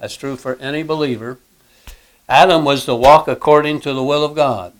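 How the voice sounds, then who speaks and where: Male Bible teacher, halting delivery, frequent throat clearing, emphatic scripture reading. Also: medium pitch, fairly even intonation, rough recording. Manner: reads scripture aloud with emphasis.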